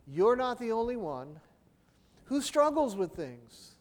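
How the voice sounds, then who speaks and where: A man's voice: very high voice, very animated, takes it slowly. A middle-aged man preaching a sermon in a conversational style, often checking in with his listeners with "right?". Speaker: pastor. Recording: long hall reverb.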